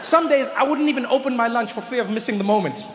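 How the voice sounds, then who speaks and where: A man doing stand-up in a large live venue, telling a story with animated delivery and shouted punchlines. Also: extremely high pitch, fast talker, background noise. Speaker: stand-up comedian. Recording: live show in a reverberant venue.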